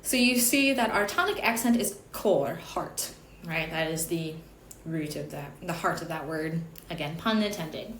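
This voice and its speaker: A woman's voice: sits low, animated, measured pace, a bit bright. A woman in her thirties teaching Gregorian chant over slides, explaining in a chatty way with little asides. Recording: echoey room, faint background noise.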